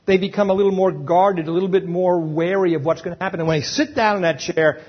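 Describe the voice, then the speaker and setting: A man's voice: sits high, fast, hardly any pauses, breathy edge, dull audio. A man giving a live lecture on dental emergencies to a roomful of dental staff, emphatic and often checking in with the audience.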